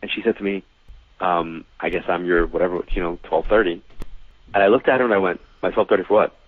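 Here the New York psychic medium, in his forties, talks fairly quickly in a low voice with no room sound. In this casual storytelling interview he animatedly voices the dialogue he quotes, over a dry, tinny line like a phone's.

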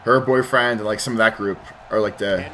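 With a fairly low, sharp-toned voice and fairly even intonation, this let's play host talks a little fast while gaming, rambling through a long, profane story and often starting his sentences over.

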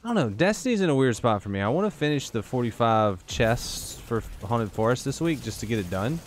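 A tired gaming YouTuber rambles and jokes to himself as he plays a video game, in casual gameplay commentary. His voice is medium-pitched with big swings in pitch and a brisk pace, and there's a little hiss or hum in the recording.

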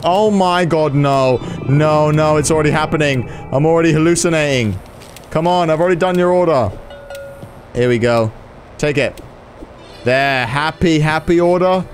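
A man hosting a gaming video, giving excitable let's-play commentary, swearing and yelling in reaction. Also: a little high, normal speed, a little hiss or hum.

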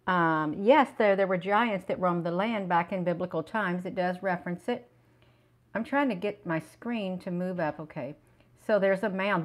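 Middle-aged woman, low-pitched voice, chatty livestream host, clip-on mic, outdoors in the woods. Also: low-quality recording. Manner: chatty, keeps saying "you all". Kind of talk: casual livestream chat, reading aloud. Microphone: clip-on mic with cord.

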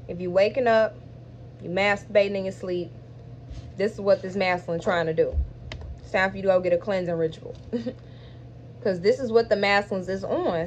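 A woman gives a spiritual tarot reading in an emphatic, direct voice, addressing her viewers as she lays out cards. She stretches certain words for weight, then hurries through asides. Her mid-range voice comes through a dull, lo-fi recording with faint background hiss. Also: medium pitch. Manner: emphatic, speaks straight to viewers. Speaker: tarot reader.

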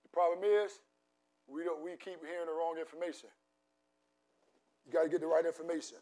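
A man preaching a sermon to a congregation, shouting and exhorting with call-and-response. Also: fairly high pitch, fairly even intonation, a little fast. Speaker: pastor. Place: church sanctuary. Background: congregation in a church.

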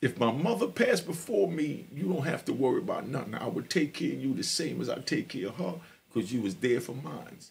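A man's voice: mid-range voice, lively intonation, brisk, vocal fry, few pauses, slightly rough. A middle-aged man telling his personal story as a podcast guest, emphatic and streetwise, speaking straight to his listeners.

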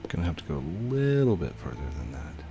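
A young man giving casual gameplay commentary, chatting to himself with sudden excited outbursts. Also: low voice, brisk, creaky, music in the background. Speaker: gaming YouTuber.

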